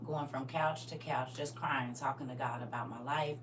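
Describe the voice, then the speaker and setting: A middle-aged woman preaching through funny stories, chatting directly with the crowd and now and then bursting out loudly. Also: a bass voice, normal speed. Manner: lively and chatty, teasing the crowd directly, sudden loud outbursts. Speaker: speaker at a live church gathering. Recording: far-off mic with faint hum.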